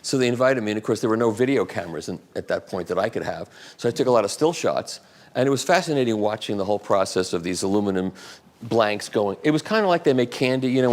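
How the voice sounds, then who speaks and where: A man's voice: on the low side, darkish tone. A man in his sixties giving a casual, rambling talk full of anecdotes and answering audience questions at a radio museum event. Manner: rambling, anecdotal, self-deprecating. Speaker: invited speaker.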